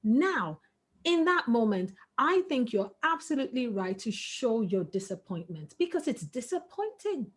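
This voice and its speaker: A woman's voice: on the high side, sing-song, measured pace, husky. A middle-aged woman, a webinar guest speaker, giving parenting advice in an earnest, emphatic way. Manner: earnest, emphatic, breaks into laughter.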